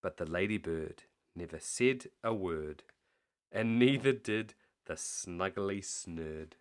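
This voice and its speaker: A man's voice: sits low, animated, slow pace. A man reading a rhyming bedtime story aloud in a playful sing-song way, putting on animal noises.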